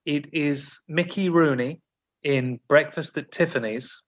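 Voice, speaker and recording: A man's voice: a little high, measured pace, lo-fi sound. A man hosting a podcast, mock-formal and teasing in casual chat. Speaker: podcast host.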